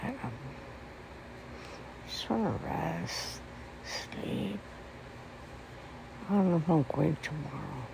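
Gravelly man venting with lots of swearing. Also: fairly high pitch, lively intonation, takes it slowly, long pauses. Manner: rambling, swears a lot, shifts between hushed mutters and angry outbursts. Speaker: vlogger. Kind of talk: casual venting monologue. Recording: noisy background.

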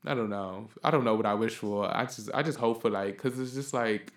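A man's voice: fairly low pitch, normal speed, echoey room. A man hosting a podcast, giving blunt opinions in a casual monologue and ranting heatedly with lots of swearing. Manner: blunt, profane, heated ranting that flares up loud. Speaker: podcast host.

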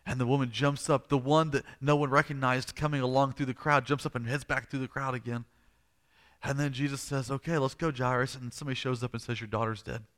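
A man's voice: medium pitch, level tone, fast talker, fairly bright tone. A male pastor preaching a sermon, retelling a story dramatically and repeating phrases for emphasis.

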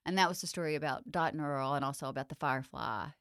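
A woman's voice: sits low, quick pace, a bit bright, no echo, studio quality. A woman guest chatting about her acting career, laughing and restarting her sentences as she tells stories. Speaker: interview guest, actress. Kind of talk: casual storytelling chat.

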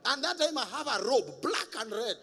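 A man preaching a sermon as a pastor, animated and often laughing at his own stories. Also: very high voice, moderate pace, big-room sound.

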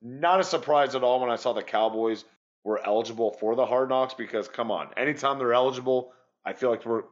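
A man co-hosts a sports podcast, chatting in a loose, rambling, casual way and swearing now and then. His voice is medium-pitched, and the audio sounds dull.

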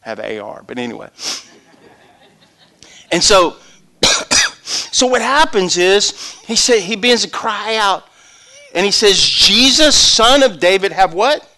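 A middle-aged man preaching a sermon, acting out voices and swinging from hushed asides to shouts. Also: high-pitched, sing-song, measured pace, pauses often. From Louisiana.

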